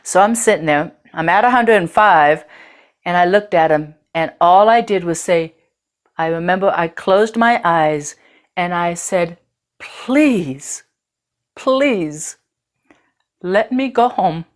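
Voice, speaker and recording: A woman's voice: fairly low pitch, measured pace. A woman host telling a personal story in a candid, earthy way, with casual swearing.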